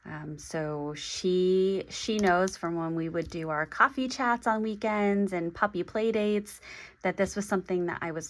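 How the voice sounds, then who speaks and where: A woman in her forties talking through an unboxing vlog, halting and hesitant, with many pauses and restarts. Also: sits low, fairly bright tone. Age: 40s. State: emotional, getting teary. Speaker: stationery vlogger.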